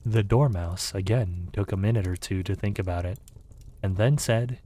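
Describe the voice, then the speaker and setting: A man narrating a storybook in a calm, soft, ASMR-style reading. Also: lowish voice. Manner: calm, unhurried.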